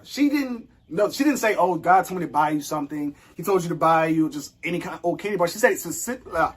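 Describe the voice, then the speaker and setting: A man sharing a personal faith story in casual conversation, animated and acting out his own thoughts and the lines of others. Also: fairly high pitch, fast talker, hardly any pauses, breathy edge. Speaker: guest.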